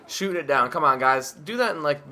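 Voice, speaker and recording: A man's voice: a little high, animated, brisk, crowd noise. A man giving casual, rambling commentary over his own gameplay, joking and mocking himself as he goes. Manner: rambling, jokey, self-mocking; drowsy, yawning at times. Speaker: gaming video commentator.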